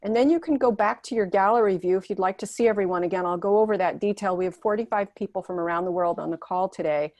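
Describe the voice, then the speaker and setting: A woman hosting a talk show gathering over a video call, gently guiding participants and reading their chat messages aloud. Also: mid-range voice, quick pace, hardly any pauses, dry recording.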